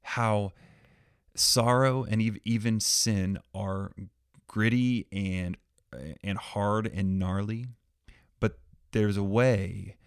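A man with a very deep voice, recorded dry and close. He talks earnestly and eagerly, sometimes tripping over his words. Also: steady tone, takes it slowly, clean tone, no echo. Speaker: co-host, husband. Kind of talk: casual chat.

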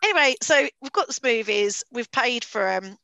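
A woman's voice: fairly high pitch, animated, moderate pace, bright, forceful tone, dry recording, low-quality recording. A woman telling a dating story in casual podcast chat, chatty with lots of fillers and bursts of laughter.

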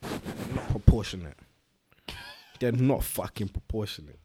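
Man, lowish voice, laid-back slangy podcast banter, repeats his catchphrases. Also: expressive, unhurried, mellow, breathy edge. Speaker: podcast co-host. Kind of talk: casual chat.

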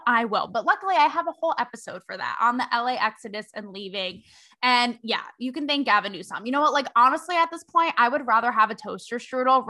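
A young adult woman hosting a podcast, telling a story in a sassy, slangy, animated way. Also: high-pitched. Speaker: podcast host. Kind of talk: casual storytelling commentary.

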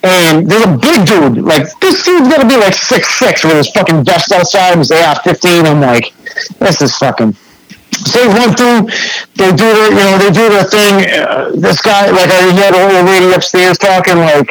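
A man's voice: high-pitched, expressive, normal speed, a bit bright, poor audio. A young man with a New England accent, a graffiti artist telling a story as a podcast guest in a laid-back, swearing, filler-heavy way. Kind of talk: casual storytelling chat.

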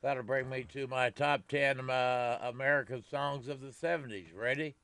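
A man's voice: medium pitch, fairly even intonation, normal speed, vocal fry, fairly bright tone, clean tone, no echo. A man co-hosting a radio show, methodically counting down a list of songs. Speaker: radio co-host. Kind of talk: casual radio chat.

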